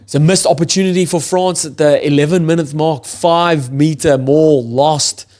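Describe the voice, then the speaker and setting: A man's voice: fairly high pitch, fairly even intonation, normal speed, darkish tone. Chatty young man reviewing rugby. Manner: enthusiastic, exclaims "holy", loose and chatty. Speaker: rugby channel host. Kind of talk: casual match review.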